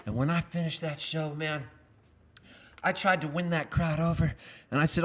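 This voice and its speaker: A man's voice: on the high side, fairly even intonation, normal speed, long pauses, fairly bright tone. A man telling a wry, self-mocking story on a live stage, between songs. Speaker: singer-songwriter. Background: acoustic guitar.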